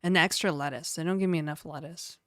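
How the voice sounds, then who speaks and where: A woman's voice: sits low, steady tone, quick pace, fairly bright tone, dry recording, studio quality. A woman streaming live, chatting casually and rambling while reading out chat messages.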